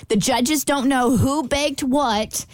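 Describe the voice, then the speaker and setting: A woman co-host in casual radio banter, explaining in quick bursts and laughing easily. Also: high voice, dry recording. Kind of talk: casual morning-show banter.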